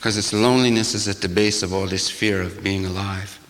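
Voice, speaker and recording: An older man, a shaman, giving a sermon-like talk to a gathering in a church, with a rhythmic, repetitive cadence that swings from loud to hushed and wry, laughing asides. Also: sits low, steady tone, brisk. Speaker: shaman speaker. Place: church hall. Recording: long hall reverb.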